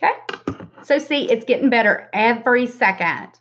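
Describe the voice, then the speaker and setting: A woman's voice: a little high, expressive, moderate pace, a bit bright. A woman in her forties with a Southern US accent, giving a casual livestream makeup tutorial. She chats with viewers by name and laughs often. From Southern United States. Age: 40s. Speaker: makeup vlogger. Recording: dull lo-fi livestream audio.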